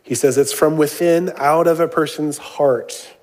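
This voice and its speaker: A man's voice: a little high, fairly even intonation, measured pace, a little mellow. A man preaching a sermon, reading scripture aloud and then explaining it in a casual way, with frequent "uh" and "um" fillers and jokes mixed in. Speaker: pastor.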